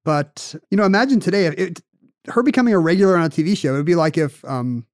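A man co-hosting a podcast, telling a story in casual chat with animated, quick bursts. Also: high-pitched, no room sound, studio quality. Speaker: podcast co-host.

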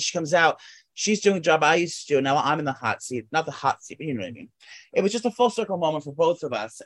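A man co-hosts a podcast in loose, casual chat. His voice sits a little high for a man, and he rambles through stories with frequent fillers, restarts and casual swearing. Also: a bit bright. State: out of breath. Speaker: podcast co-host. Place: New York apartment.

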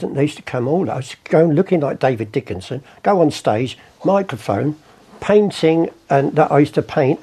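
A man's voice: medium pitch, dark tone, breathy edge. An older man from England, a chatty raconteur telling anecdotes in an interview and acting out the voices in his stories. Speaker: artist and storyteller guest.

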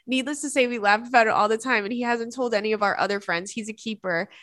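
A woman's voice: a little high, quick pace, a bit bright, no echo, clean studio sound. A woman hosting a podcast, reading a listener's story aloud and reacting with laughter and dramatic asides. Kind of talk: casual chat.

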